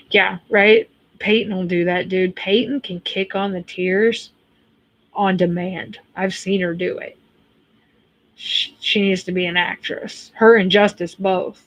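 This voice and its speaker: A woman's voice: lowish voice, steady tone, takes it slowly, no echo. Blunt chatty American woman. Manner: blunt, chatty, swears freely. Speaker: livestream host reading chat. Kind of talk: casual chat.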